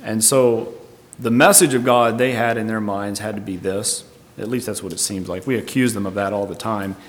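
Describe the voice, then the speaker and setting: A man's voice: fairly low pitch, steady tone, normal speed. A man preaching a Bible teaching sermon, explaining verse by verse in a thoughtful, tentative way. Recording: long reverb.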